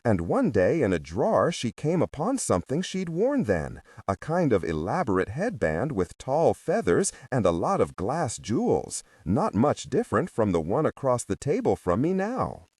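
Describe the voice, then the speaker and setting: A man's voice: medium pitch, huge pitch swings, normal speed, hardly any pauses, darkish tone, husky, no room sound, studio quality, distant mic. A man narrating an audiobook in scripted first-person storytelling, with a reflective manner.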